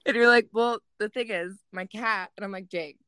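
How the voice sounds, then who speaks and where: On a casual podcast, a young woman host speaks at a moderate pace with a medium-pitched voice. She tells stories animatedly and swears freely, and the recording has studio quality with no room sound.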